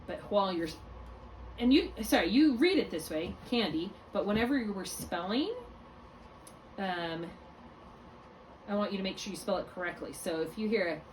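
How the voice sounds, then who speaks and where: A woman's voice: medium pitch, expressive, normal speed, pauses often. Woman, phonics tutor, patient, self-correcting, step-by-step explaining, distant mic, faint hiss. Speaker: reading tutor. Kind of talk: one-on-one phonics lesson.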